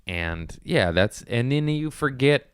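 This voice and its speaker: A man hosting a casual podcast as a comedian, telling rambling, profane stories with excitable bursts. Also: medium pitch, takes it slowly, clear, resonant tone, no echo.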